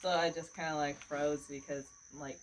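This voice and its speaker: A woman's voice: deep voice, level tone, normal speed, a little hiss or hum, low-quality recording. A woman telling a story in casual chat, rambling, with lots of "like" and "bro", laughing often. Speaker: podcast co-host.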